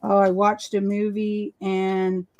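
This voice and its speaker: A woman chatting casually on a crafting livestream, animated and acting out the people she quotes. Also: medium pitch, slow. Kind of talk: casual chat. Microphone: video call.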